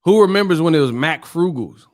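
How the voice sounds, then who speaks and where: A man hosts a casual boxing livestream, talking straight to his chat in a slightly higher voice. He jokes, swears freely and breaks into laughter, mimicking voices to make his point. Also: expressive, a little fast, a little mellow. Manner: profane, joking, laughs often, mimics voices. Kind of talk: casual livestream chat reading viewer comments.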